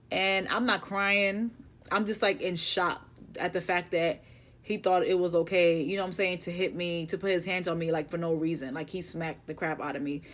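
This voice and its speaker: A young woman, telling a personal story in a casual, halting, emotional way with many fillers. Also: fairly low pitch. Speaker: vlogger.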